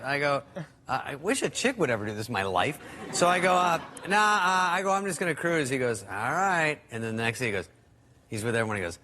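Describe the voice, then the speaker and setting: A man's voice: medium pitch, big pitch swings, fast, sharp tone, slight background noise. A middle-aged man, a comedian guest telling anecdotes on a talk show and imitating his friends as he goes. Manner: storytelling, doing voices of friends. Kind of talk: anecdotal chat on talk shows.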